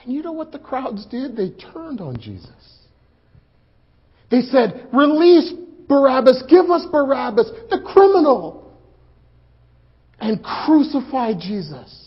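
A man playing a grieving male disciple in a dramatic first-person sermon, swelling loud for the crowd and sinking hushed and low. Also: big pitch swings, slow pace, breathy edge, heavily acted. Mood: urgent. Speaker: preacher in first-person monologue. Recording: muffled lo-fi recording.

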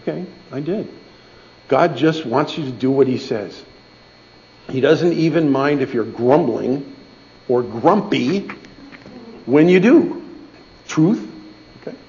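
Middle-aged man, gravelly voice, folksy church testimony, dull lo-fi recording. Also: mid-range voice, expressive, slow, long pauses, warm tone. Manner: folksy, conversational, asks "okay?" often. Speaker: speaker giving a testimony in church. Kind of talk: storytelling sermon.

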